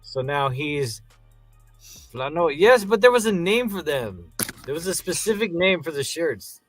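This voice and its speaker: A man co-hosting a casual review podcast, retelling scenes in an animated way and acting out the characters. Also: on the high side, unhurried, faint music behind. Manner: animated storyteller, acts out scenes. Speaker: podcast co-host.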